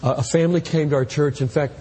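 A man preaching a sermon from the pulpit with impassioned delivery, at times rising to shouts. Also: a little high, fairly even intonation, quick pace, in a large hall, slight background noise. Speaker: pastor. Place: church sanctuary.

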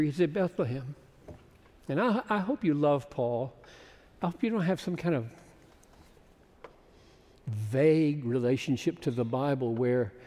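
A man in his seventies preaching a sermon with passion, building to loud, emphatic peaks. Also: on the high side. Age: 70s. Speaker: pastor. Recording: long hall reverb.

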